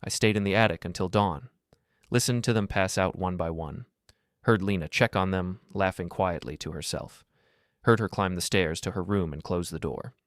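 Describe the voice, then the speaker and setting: A middle-aged man narrating a first-person story in a steady, grave, measured way. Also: low-pitched, dry recording, clean studio sound.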